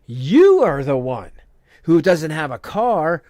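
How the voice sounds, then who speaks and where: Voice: medium pitch, wildly swooping pitch, slow pace, a little mellow, dry recording, clean studio sound. A host doing casual commentary on a stream, heated and sarcastic, often laughing.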